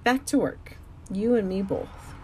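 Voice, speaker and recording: A weary, kindly father, as a woman reading an audiobook plays him, talking gently and with a soft, wry humor. The voice stays close to the reader's own. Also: mid-range voice, unhurried, slight background noise, lightly acted. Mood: gentle. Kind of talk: audiobook character voice.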